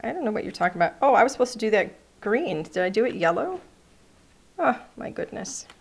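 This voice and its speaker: A woman leads a live cardmaking class, playfully chatting and narrating each step of her crafting demonstration. Her medium-pitched voice is sing-song and rapid-fire.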